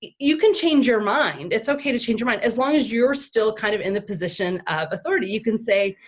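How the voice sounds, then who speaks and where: A woman being interviewed as a parenting expert, talking casually and telling stories with lively acted-out bits of dialogue. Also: fairly high pitch, brisk. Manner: animated storyteller who acts out quoted dialogue; frequent fillers and restarts.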